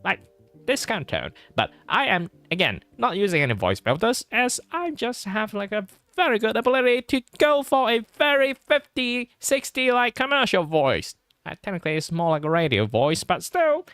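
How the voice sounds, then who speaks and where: A vintage radio ad announcer, all brassy salesmanship, as a man puts him on. The pitch leaps up and down wildly, and the tone is bright and cutting. Faint music sits behind him. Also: big pitch swings, moderate pace, dry recording, heavily acted. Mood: showy. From Malaysia. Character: old-time male radio commercial announcer. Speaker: streamer.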